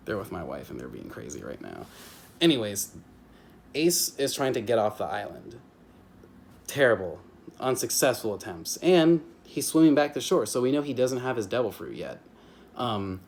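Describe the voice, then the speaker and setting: A man's voice: fairly low pitch, gravelly, slight background noise. Rambling man doing a casual review. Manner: rambling, heavy on fillers and restarts, slips into quick character impressions. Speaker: YouTube book reviewer. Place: home with family nearby.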